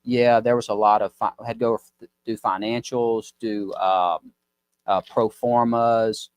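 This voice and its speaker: A man's voice: on the low side, flat delivery, unhurried, smooth, no room sound. A man, a business owner telling a rambling, folksy story as a podcast guest. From Mississippi. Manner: rambling, folksy, mimics voices in stories. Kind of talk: casual storytelling chat.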